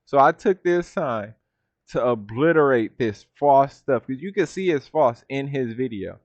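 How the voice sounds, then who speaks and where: A man talks through a reaction video in loose, casual commentary, laughing often and sounding openly incredulous. His voice sits at a middle pitch. The recording is dull and lo-fi, with a very dry, close sound. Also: expressive, a little slow, dry recording.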